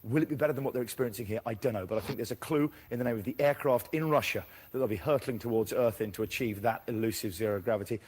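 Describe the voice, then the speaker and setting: Fast-talking British TV presenter man. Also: medium pitch, darkish tone, husky. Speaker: TV show presenter. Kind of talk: scripted TV presenting.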